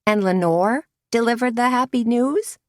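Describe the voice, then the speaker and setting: A woman's voice: a little high, moderate pace, no echo, studio quality, voice pushed up, natural voice. Woman reading as a sassy café partner who drawls and gossips.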